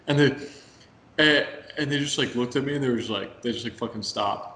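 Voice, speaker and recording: A man's voice: mid-range voice, fast, sharp tone. A young man co-hosting a podcast, telling a long rambling story full of swearing and "like". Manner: rambling, profane, fillers like "like". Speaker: podcast co-host. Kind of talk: casual podcast chat, storytelling. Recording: echoey room, faint background ambience.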